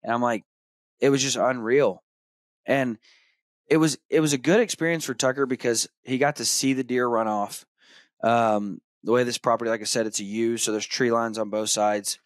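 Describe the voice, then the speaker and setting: A man in his thirties hosting a podcast, telling a hunting story in a casual, animated way. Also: medium pitch, dry recording, studio quality. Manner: animated retelling, acts out his son's excited shouts. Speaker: podcast host.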